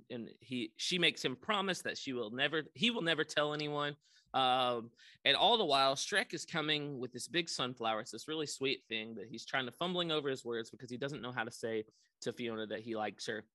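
A man's voice: medium pitch, pushed and bright, no echo. A young man casually recapping a movie on a podcast, rambling with lots of ums and likes. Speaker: podcast co-host.

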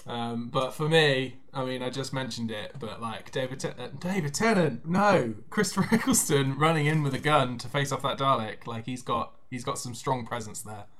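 A man's voice: medium pitch, moderate pace, hardly any pauses, a bit bright. A man from the south of England, co-hosting a casual podcast chat, hesitant with many restarts. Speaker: podcast co-host.

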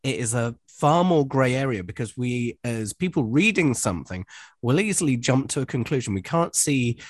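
A man in a conversational podcast, explaining his point in a measured way. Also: mid-range voice, expressive, husky, dry recording, clean studio sound.

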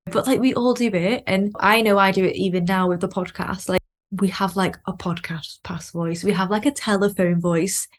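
A woman hosts a podcast in a relaxed, chatty way. She fills her sentences with "like" and laughs easily. Her voice sits at an ordinary mid pitch. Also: normal speed. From Lancashire, England. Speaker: podcast host. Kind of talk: casual podcast chat.

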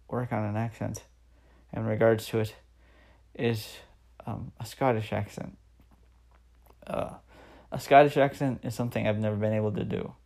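A gravelly, darkish voice at medium pitch belongs to a man in his thirties hosting a motivational podcast on his own. He's earnest and encouraging, using repetition for emphasis.

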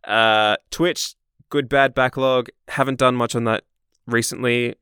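A man co-hosting a casual gaming podcast, chatty and quick to laugh, cursing now and then. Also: mid-range voice, steady tone, sharp tone, clean tone, no room sound, studio quality. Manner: laughs often, swears casually. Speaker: podcast co-host. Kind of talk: casual chat.

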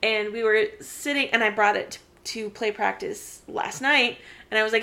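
A woman chatting casually, telling stories with quick laughs and acting out quotes. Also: a little high, sharp tone. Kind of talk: casual chat.

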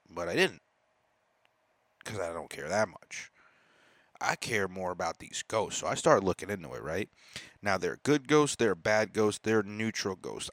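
A man hosting a solo podcast as a comedian, talking in a profane, rambling, animated monologue. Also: on the low side, no echo. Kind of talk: casual monologue.

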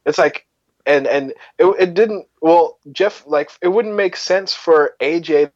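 A man's voice: fairly high pitch, unhurried, darkish tone, no echo, dull audio. A man co-hosting a podcast, talking through his reasoning in a laid-back, casual way. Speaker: podcast co-host. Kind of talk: casual wrestling chat.

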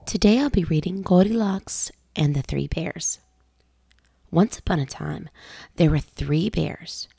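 A woman, a mother, reading a children's storybook aloud with a gentle, lively storytelling cadence, close and dry. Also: fairly low pitch, measured pace, vocal fry, breathy edge, no echo.

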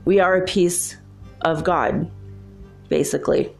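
A woman in her fifties, telling a childhood story in an animated, confiding way. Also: on the low side, measured pace, creaky, soft background music. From Los Angeles, USA. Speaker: spiritual speaker. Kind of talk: storytelling monologue.

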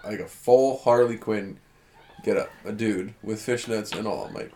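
A man's voice: on the low side, moderate pace, dark tone, slight background noise. A man co-hosting a casual podcast, blunt and profane, cracking jokes. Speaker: podcast co-host.

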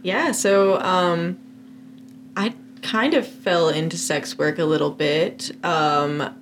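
A young woman in her twenties speaks as a podcast guest, her voice on the lower side. She tells her story candidly and easily, with casual fillers. A faint noise runs in the background. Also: slow pace. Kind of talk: casual conversation. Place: home basement podcast room.

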